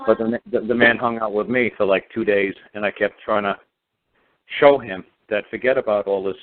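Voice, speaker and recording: A man's voice: on the low side, fairly even intonation, moderate pace. A man talking in a casual radio conversation, emphatic and sarcastic, repeating his points over and over. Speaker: guest speaker on law. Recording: tinny phone line.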